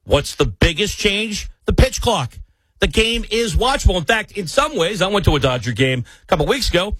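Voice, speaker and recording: Emphatic, husky male sports talk host. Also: sits high, very animated, normal speed, fairly bright tone, no echo, poor audio. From New York area. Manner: emphatic, ranting, rhetorical questions. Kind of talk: opinionated sports radio monologue.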